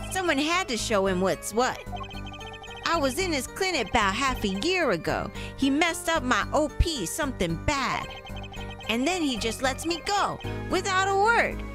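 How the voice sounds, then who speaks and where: A woman's voice: sits high, big pitch swings, moderate pace, over music, voice pushed up. Woman playing a slangy wannabe street gangster. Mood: boastful. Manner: slangy swagger, clumsy tough-guy talk. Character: boastful young male street gangster, tough-talking. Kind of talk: reading game dialogue aloud.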